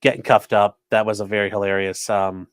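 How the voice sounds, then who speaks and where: A man's voice: on the low side, flat delivery, brisk, clean tone, dry recording. A man hosting a live stream, giving casual, sarcastic and profane commentary that rambles along. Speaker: streamer host.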